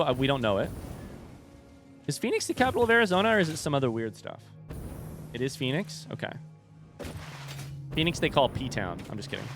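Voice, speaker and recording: A young man from the US is streaming a game, his mid-range voice slightly bright. He chats loosely with viewers in a rambling, joking way, frequently dropping sentences halfway through.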